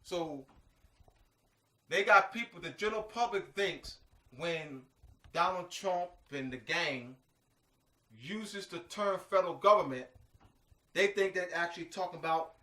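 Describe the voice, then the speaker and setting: A man's voice: high-pitched, expressive, a little slow, long pauses, sharp tone. Emphatic male lecturer in an echoey room. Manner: emphatic and repetitive, street slang like "man" and "you know what I mean". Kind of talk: informal lecture. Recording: echoey room, mic at a distance.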